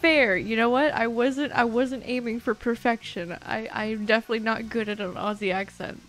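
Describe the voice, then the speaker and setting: Joking and giggling as she plays, a young VTuber keeps up casual, crude chatter over her game stream. She speaks at a normal speed in a fairly high, somewhat bright voice with fairly even intonation.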